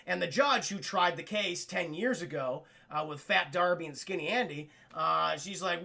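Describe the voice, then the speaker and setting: Gravelly, bright-voiced swearing streamer guy. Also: fairly high pitch, moderate pace, few pauses. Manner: profane, rambling, keeps addressing chat; half-drunk, animated storytelling. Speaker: streamer film reviewer. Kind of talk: casual spoiler review to live chat.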